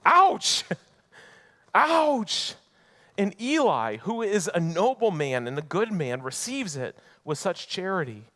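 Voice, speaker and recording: A man preaching in a church sanctuary, retelling a Bible story in a relaxed, conversational way. His pitch swings widely and sits a little high for a man, and he slips into acted voices for the characters. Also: normal speed, hardly any pauses. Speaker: pastor. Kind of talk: sermon.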